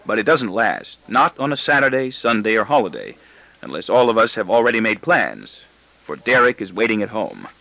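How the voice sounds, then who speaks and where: A male audiobook narrator with a wry, ironic first-person delivery. His pitch swings widely, his tone is bright, and the recording is dry and close. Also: very animated, moderate pace, vocal fry, dry recording, dull audio.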